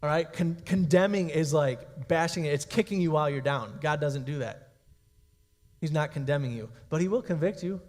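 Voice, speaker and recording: A man's voice: on the high side, normal speed, a little mellow. A young man preaching a youth sermon in a casual, conversational way, checking in with his listeners often. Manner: casual, conversational preaching with frequent "okay?" and "guys". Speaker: youth pastor. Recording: long reverb of a hall.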